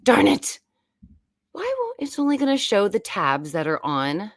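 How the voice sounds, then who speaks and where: A woman's voice: medium pitch, wildly swooping pitch, unhurried, no room sound, clean studio sound. A woman, hosting a casual, rambling live-stream chat from home. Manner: chatty and rambling. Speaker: YouTube host.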